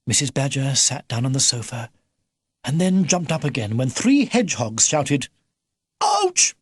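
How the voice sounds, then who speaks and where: Animated male storybook narrator. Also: medium pitch, moderate pace, slightly rough, no room sound. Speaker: audiobook narrator. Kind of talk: scripted narration.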